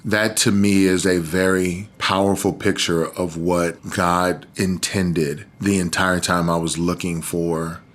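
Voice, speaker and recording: Deep-voiced Texan guest for podcast storytelling, earnest, choked up. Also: male voice, level tone, takes it slowly, hardly any pauses. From Texas. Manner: earnest, voice catching with tears. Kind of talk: emotional personal storytelling.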